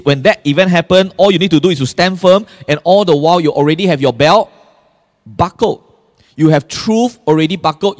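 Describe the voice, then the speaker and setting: A man preaches a sermon in a fairly high voice, driving each point home with rhetorical questions to his listeners. His voice rings out with the long reverb of a church hall. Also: a little mellow. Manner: emphatic, asks the congregation frequent rhetorical questions. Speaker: pastor.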